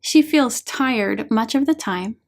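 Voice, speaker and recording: A woman reading her own book aloud as an audiobook, in a calm, measured way. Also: fairly high pitch. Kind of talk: audiobook narration.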